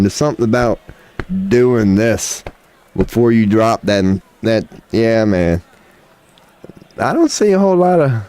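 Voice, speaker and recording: This man runs a livestream in a lowish, slightly mellow voice with no echo. He jokes, trolls, and riffs crudely while reacting, slipping in drawled interjections like "come on now, man."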